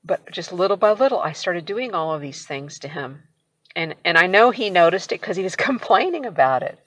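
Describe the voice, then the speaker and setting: A middle-aged woman talks through her own story in an easy, candid way, and she often laughs as she goes. Her voice sits on the low side. The sound is close and dry, with no room echo. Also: expressive, brisk, a bit bright. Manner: candid, wry, laughs often while recounting. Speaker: channel host telling her own story. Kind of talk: casual personal storytelling to camera.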